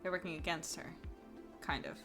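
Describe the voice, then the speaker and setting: A woman with a New Jersey accent chats casually during a tabletop game stream. She rambles, fills pauses with ums and laughs often. Faint music plays underneath her voice. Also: low voice, huge pitch swings, gravelly, a bit bright. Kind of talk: casual chat.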